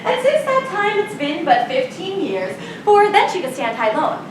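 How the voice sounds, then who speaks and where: A woman's voice: extremely high pitch, big pitch swings, moderate pace, recorded from a distance, noisy background. A woman playing a bawdy, chattering old nurse who rambles and giggles, acting live on a theater stage. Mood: chatty. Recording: roomy stage sound from afar.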